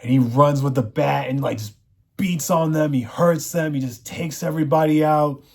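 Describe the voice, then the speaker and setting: A man's voice: a little high, normal speed, vocal fry. A man reviewing a TV show, recapping the plot in a rambling, casual way, full of "you know" fillers.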